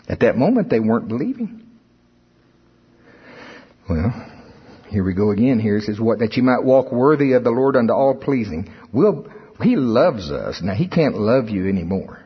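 A middle-aged preacher, delivering an animated sermon that rises into emphatic outbursts. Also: male voice, medium pitch, moderate pace, pauses often. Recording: husky voice in a long-reverb hall, dull sound.

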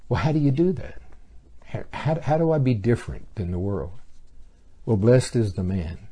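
Husky, mellow-voiced male preacher. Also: fairly low pitch. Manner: folksy storytelling, acts out characters. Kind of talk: sermon.

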